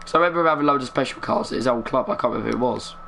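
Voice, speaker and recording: A young man giving live commentary while playing a football video game, keeping his voice down, chatty and muttering with bursts of excitement. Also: mid-range voice, rapid-fire, creaky, slight background noise. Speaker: gaming streamer.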